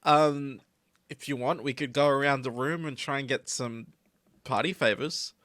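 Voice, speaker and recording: A man's voice: medium pitch, steady tone, moderate pace, a bit bright, dry recording, clean studio sound. A man narrating and running a tabletop role-playing game in a casual, filler-heavy way. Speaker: storyteller.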